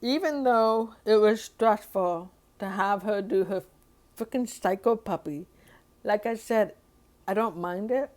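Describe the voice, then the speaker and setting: A woman's voice: medium pitch, a little slow, darkish tone. A woman talking through a hard day in a personal diary vlog, rambling and emotional, with sighs and nervous laughs. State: upset and overwhelmed. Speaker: vlogger.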